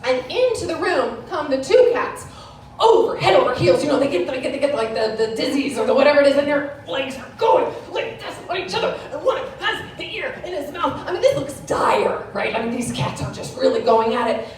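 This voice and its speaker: Animated woman doing stand-up, echoey and distant. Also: high-pitched, a little fast. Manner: storytelling, mock-serious, laughing at own punchlines. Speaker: stand-up comedian. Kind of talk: stand-up comedy routine. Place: bar stage before a live audience. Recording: echoey room from far off, noisy.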